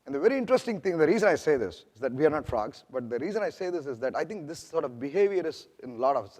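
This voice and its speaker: This product manager, a man with an Indian accent and a mid-range voice, presents at a conference in a big hall whose long echo fills the recording. He keeps it conversational, with frequent restarts and questions like "right?" to the crowd.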